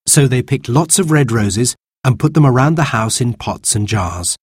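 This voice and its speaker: Male storybook narrator, lively tone, husky, dry close sound. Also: medium pitch, normal speed, hardly any pauses, dry recording. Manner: clear, expressive. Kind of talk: storybook reading.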